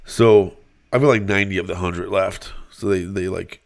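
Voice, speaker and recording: A man's voice: low-pitched, steady tone, moderate pace, vocal fry. A man telling a personal story in a casual, rambling way, filling his speech with "like" as he goes. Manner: rambling, filler-heavy, frequent "like".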